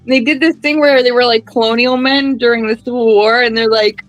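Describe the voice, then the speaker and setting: A woman's voice: fairly high pitch, steady tone, a little fast, no room sound, soft background music, rough recording. A chatty woman in casual conversation on a podcast who laughs easily and tells anecdotes. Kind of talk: casual chat.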